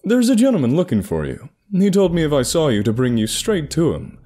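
A man voicing a hitman who puts on a high, eager, overly friendly voice to fool someone, in a spoken horror story. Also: very animated, a little fast, warm tone. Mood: fake cheerful. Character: hitman faking a chipper, high-pitched stranger's voice.

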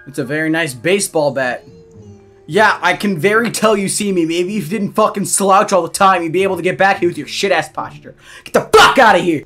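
A young man hosting a gaming channel, talking through a horror game, jumpy and quick to yell and swear when startled. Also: high-pitched, faint music behind. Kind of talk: gaming commentary.

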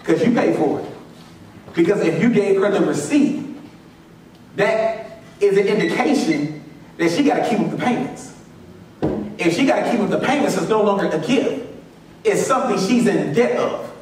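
Male pastor, preaching, call-and-response, repeats key lines, very high voice, heavy church echo. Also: expressive, normal speed, long pauses, darkish tone, far from the mic, slight background noise. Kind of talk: sermon. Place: church sanctuary.

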